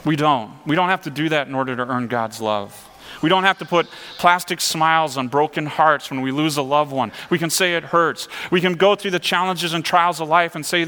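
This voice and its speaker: Earnest pastor with a bright voice. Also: male voice, medium pitch, long reverb tail. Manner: earnest, conversational preaching with rhetorical questions. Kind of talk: sermon.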